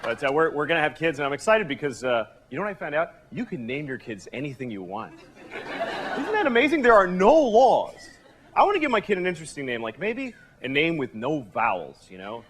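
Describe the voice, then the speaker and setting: Deadpan man doing stand-up, lively pitch. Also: brisk. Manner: deadpan, conversational. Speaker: stand-up comedian. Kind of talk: stand-up routine. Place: television studio stage. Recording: live studio audience laughing. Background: audience laughter and room noise.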